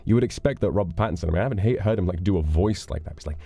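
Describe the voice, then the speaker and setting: A man's voice: sits low, racing, vocal fry, warm tone. A man streaming live, rambling casually as he reads donations and chats, with casual swearing. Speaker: livestreamer.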